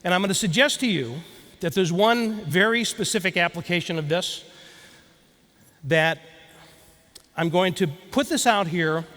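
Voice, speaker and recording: A man's voice: high-pitched, fairly bright tone. A man giving a motivational keynote speech, telling a story and speaking directly to the audience. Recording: long hall reverb.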